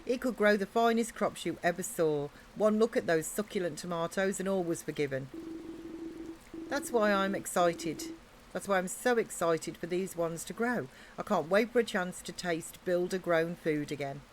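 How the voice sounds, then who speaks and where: A woman's voice: on the low side, moderate pace, a little hiss or hum, lightly acted. A woman with an English accent reading aloud the lines of a friendly, eager male orc farmer in a video game, in a chatty, encouraging way.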